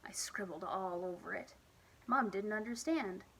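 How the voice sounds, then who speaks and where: A woman reading a children's picture book aloud at storytime, with expressive, lively emphasis. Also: medium pitch, measured pace, slightly rough, poor audio. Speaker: storytime reader.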